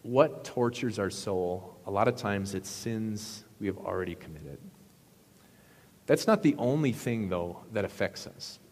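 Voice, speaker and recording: A man's voice: on the low side, animated, a little slow, a little mellow. A man pastor preaching a sermon in a conversational storytelling way and asking the audience questions. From Wisconsin, US. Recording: echoey hall.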